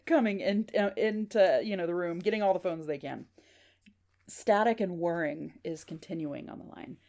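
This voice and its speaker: A woman's voice: lowish voice, moderate pace, a little mellow. A woman podcast host casually retelling a paranormal story in a chatty way, with fillers.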